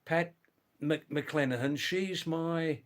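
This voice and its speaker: An older man hosts a relaxed live stream and talks at an unhurried, drawn-out pace. His voice is smooth and clear, and he greets each viewer by name. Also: on the high side. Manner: slow, chatty, greets viewers by name, often says wow.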